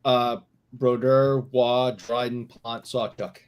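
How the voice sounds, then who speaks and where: A man co-hosting a laid-back podcast, speaking in short, dry remarks. His voice sits at an ordinary pitch for a man. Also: level tone, slow pace, smooth. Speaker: co-host. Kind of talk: casual chat.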